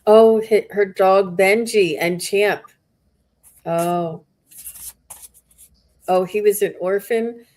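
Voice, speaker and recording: A woman hosting a live mediumship reading, relaying messages slowly with halting pauses. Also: medium pitch, fairly even intonation, darkish tone. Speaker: psychic medium host.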